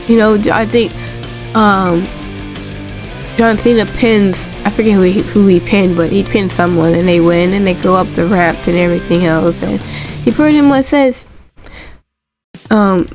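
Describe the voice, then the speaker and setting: A woman talking casually and excitably on her own, recapping events with frequent swearing and laughter. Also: mid-range voice. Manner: chatty, excitable, swears freely, laughs often. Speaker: wrestling recap host.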